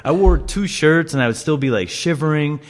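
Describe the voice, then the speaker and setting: A young man hosting a casual chat, telling animated stories and swearing often as he acts out quotes. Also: on the high side, fairly quick. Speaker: podcast host, chef.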